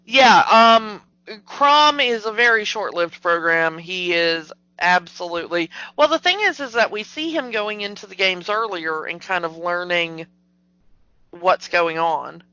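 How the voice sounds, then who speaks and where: A podcast co-host with a fairly low, sharp voice and lively intonation chats unhurriedly about a movie, skeptical and animated, with plenty of fillers. There's no room sound, but the audio is dull and lo-fi.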